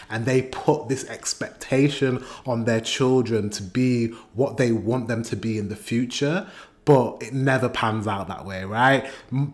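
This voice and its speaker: A British man hosting a reaction video, reading out translated song lyrics and chatting through what they mean. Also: medium pitch. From Britain. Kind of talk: casual reaction commentary.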